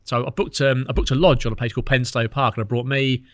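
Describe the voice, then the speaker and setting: A man, a podcast guest telling lively stories in casual chat, acting out what others said. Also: medium pitch, dry recording, studio quality. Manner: fast, animated storytelling with quoted dialogue.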